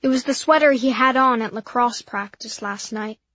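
A woman's voice: a little high, normal speed, fairly bright tone, no room sound. A woman reading a first-person children's story in a simple, earnest, childlike way. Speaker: audiobook narrator. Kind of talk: first-person storybook narration as a young boy. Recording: dull dry lo-fi.

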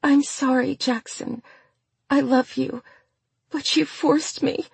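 A scheming young woman with a soft, quivering, higher voice, as a narrator puts her on. She sounds weak and pitiful on purpose, slow and husky, in a dry, close space. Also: no room sound. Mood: pleading. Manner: soft, quivery, feigned weakness.

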